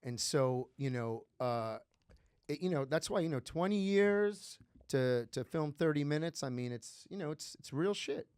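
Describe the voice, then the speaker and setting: A man raised around New York talks as a podcast guest, his voice sitting a bit high and recorded dry and close. He tells stories in an animated, rambling way, jumping into voices as he goes. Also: measured pace, clear, resonant tone, dry recording. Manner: animated storyteller, slips into voices and laughs. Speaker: comedian guest. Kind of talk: casual podcast chat.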